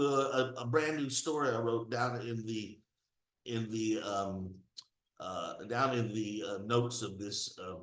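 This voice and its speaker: A man giving an emphatic religious and political commentary monologue, rising to near-shouts when indignant. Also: medium pitch, roomy sound, poor audio. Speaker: commentary host.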